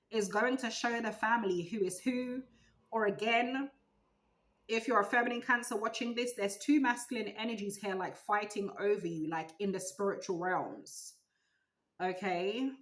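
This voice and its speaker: A woman giving a tarot reading, musing aloud in a loose, animated way. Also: mid-range voice, poor audio. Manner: animated, musing aloud, breaks into sung gospel snippets. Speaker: tarot reader.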